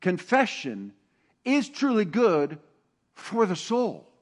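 A middle-aged man preaching a sermon with animated swings from loud emphasis to hushed, intimate tones. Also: sits high, slow pace. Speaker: pastor.

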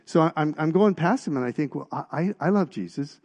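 A middle-aged man preaching a personal testimony, telling stories with halting restarts and getting louder at the punchlines. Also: a little high, animated. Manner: storytelling, halting restarts, rises in volume at punchlines.

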